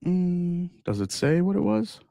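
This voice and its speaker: Casual male livestream host, relaxed and chatty, dry close mic. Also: sits high, a little slow, creaky, no echo. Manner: relaxed, chatty, many fillers and restarts. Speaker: livestream host tasting whiskey. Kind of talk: casual live chat reading viewer comments.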